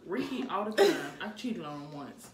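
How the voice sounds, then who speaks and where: A woman's voice: lowish voice, moderate pace, reverberant, background noise. A woman chatting casually with friends, blunt and full of laughs as she tells stories. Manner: lively, blunt, laughing storyteller. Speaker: co-host. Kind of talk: casual chat among friends.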